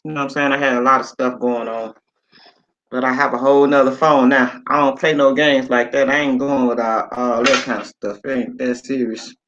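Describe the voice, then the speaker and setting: A man's voice: mid-range voice, level tone, a little fast, a bit bright, dull audio. A man in his late fifties hosting a casual livestream chat, rambling and reading viewer comments aloud with casual swearing. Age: 50s. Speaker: livestream host. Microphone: phone.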